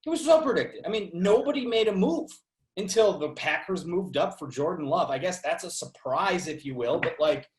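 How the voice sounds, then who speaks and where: A male sports reporter talks easily as a podcast guest in a slightly high voice. His speech rambles a little, and it is recorded in an echoey room. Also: expressive, normal speed. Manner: easygoing, rambling, laughs often. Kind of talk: casual chat.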